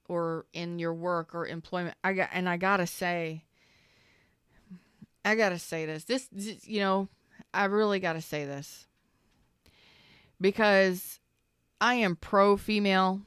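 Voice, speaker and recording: A woman's voice: fairly low pitch, fairly bright tone, smooth, dry recording, studio quality. A woman giving a rambling, emphatic tarot reading, repeating herself for emphasis and swearing casually. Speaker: tarot reader. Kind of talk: spontaneous tarot reading monologue.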